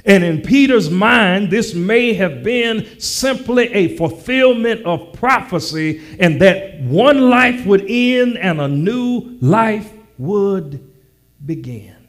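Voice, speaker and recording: A male pastor preaching a sermon, teasing his congregation, repeating lines slowly, and building to a shouted preaching cadence. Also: high voice, lively intonation.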